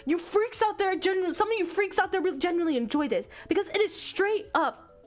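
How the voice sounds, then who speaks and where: A woman's voice: very high-pitched, brisk, soft background music. A female streamer giving casual commentary, exasperated and swearing a lot.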